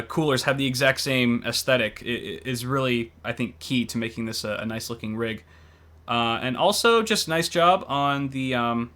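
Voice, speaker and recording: A man's voice: mid-range voice, sharp tone. A man hosting and casually commenting on builds in an easygoing, chatty way with lots of fillers. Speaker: host.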